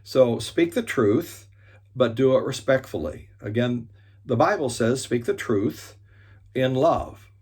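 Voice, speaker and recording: A man giving an earnest motivational talk on resolving conflict. He leans on key points by slowing down and often restarts his sentences. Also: medium pitch, expressive, a little mellow, breathy edge.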